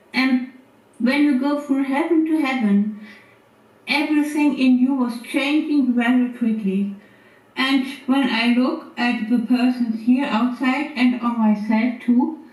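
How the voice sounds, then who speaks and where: A woman asks her question slowly, hesitating and filling gaps with "uh" and "um." Her somewhat high voice carries in an echoey room. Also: a little mellow. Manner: halting, with many fillers. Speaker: audience member asking a question.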